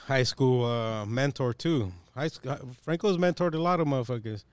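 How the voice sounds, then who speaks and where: A man's voice: medium pitch, normal speed, clear, resonant tone, dry recording. A young man hosting a casual podcast chat, animatedly telling a story in slangy, profane talk and acting out the people in it.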